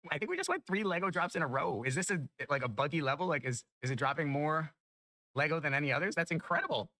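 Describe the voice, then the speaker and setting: A man giving chatty, excitable commentary over his own gameplay, jumping up in pitch when good loot drops. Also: no room sound, low-quality recording. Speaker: gaming YouTuber. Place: home room.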